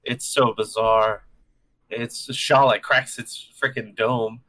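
A man's voice: medium pitch, slow. A man co-hosting a casual comic book chat, recapping the issue and acting out the characters' lines. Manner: animated, acts out characters' lines while recapping. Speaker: comic book podcast co-host.

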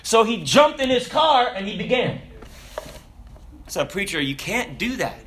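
A male pastor preaching an animated sermon, acting out voices and breaking into shouts. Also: sits high, measured pace, slight background noise.

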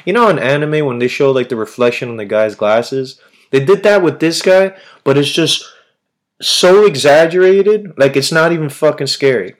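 A man hosting a podcast, chatting casually in a rambling way, swearing constantly and using lots of slang. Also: mid-range voice. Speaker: podcast host. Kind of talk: casual chat.

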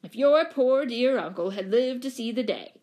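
A woman reading aloud puts on a stern old neighbor lady in a storybook, who drags out her words slowly and loudly, full of affront. Every sentence lands as a scolding. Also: medium pitch, lively intonation, lightly acted. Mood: indignant. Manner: loud, slow, affronted emphasis. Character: huffy elderly woman neighbor, stern and indignant.

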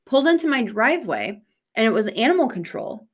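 A woman's voice: a little high, big pitch swings, brisk. A young woman co-hosting a podcast, chatting casually, swearing freely and laughing often as she tells stories. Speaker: podcast co-host. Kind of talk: casual chat.

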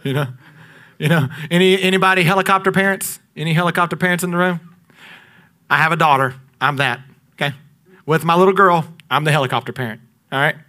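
Man preaching, high voice, bright and forceful, dynamic delivery, loud peaks to near-whispers. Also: fast talker, long pauses. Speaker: pastor. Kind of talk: sermon.

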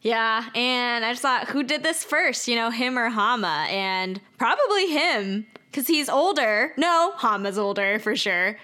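Bright-voiced woman chatting on a podcast. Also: on the high side, lively intonation, a little slow, hardly any pauses. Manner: chatty, adds fun facts, casual fillers. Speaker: podcast co-host. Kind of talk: casual episode recap chat.

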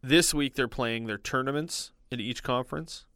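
A man's voice: medium pitch, normal speed, sharp tone, no echo, studio quality. A man in casual chat, talkative and laughing easily, rambling about college basketball. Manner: chatty, laughs often, sports fan enthusiasm.

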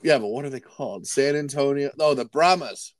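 A man's voice: mid-range voice, fairly quick, no room sound. A young man co-hosting a casual sports podcast, rambling and joking with a friend. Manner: rambling, joking, restarts and laughs. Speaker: podcast co-host.

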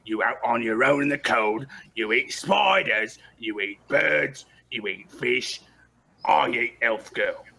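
A bossy bugbear chieftain, played by a man, speaking slowly in blunt, broken sentences. The voice is pitched a little above the man's own, with a bright edge, and a faint ambience sits behind it. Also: lively intonation, creaky, slightly rough, heavily acted. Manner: slow, blunt broken grammar.

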